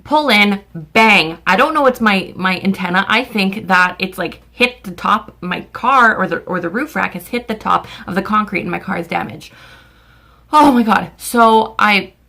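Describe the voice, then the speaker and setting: A woman's voice: medium pitch, moderate pace, vocal fry, hardly any pauses, bright, forceful tone. A young Canadian woman vlogging a casual storytime, ranting in exasperation and swearing freely as she tells it.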